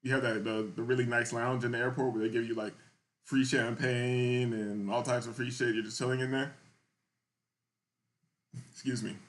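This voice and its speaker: A young podcast host with a mid-range, level voice talks at a moderate pace and pauses often. He tells a loose, slangy story in casual chat, repeatedly checking in with "you feel me."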